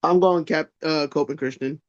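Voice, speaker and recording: Man, podcast co-host, casual chat, high voice, hesitant, stumbles, crude jokes, dull lo-fi sound. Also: fairly even intonation, moderate pace.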